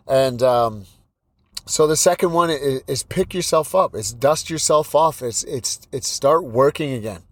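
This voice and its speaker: A man's voice: medium pitch, a little slow, no echo. A man in his thirties hosting a solo podcast, speaking bluntly as a fighting coach. He repeats himself often and restarts his sentences. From British Columbia, Canada. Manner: blunt, repetitive, pep-talk delivery with many restarts. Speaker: podcast host and Muay Thai coach. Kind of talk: motivational solo podcast talk.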